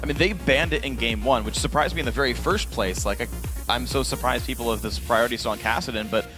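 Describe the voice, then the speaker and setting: A man's voice: mid-range voice, fast. A man co-casting an esports match in a casual, joking, conversational way. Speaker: esports caster. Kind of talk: color commentary. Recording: faint music behind.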